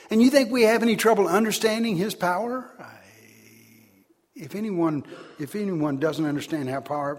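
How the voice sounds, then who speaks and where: A man preaching a sermon, swinging between loud, emphatic declarations and quiet asides. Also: a little high.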